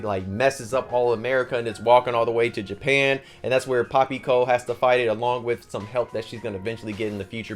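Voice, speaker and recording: A man casually talking through a manga plot in slangy, animated speech that gets loud when he is excited. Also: medium pitch. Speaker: manga reviewer.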